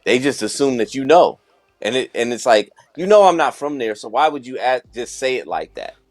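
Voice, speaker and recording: A man at a mid pitch tells stories in a relaxed chat with a friend. He slips into the voices of the people he quotes and breaks into laughter along the way. The sound is close and dry. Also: brisk, dry recording, soft background music. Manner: animated, acts out quoted dialogue, laughs often. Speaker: podcast co-host. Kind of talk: casual storytelling chat.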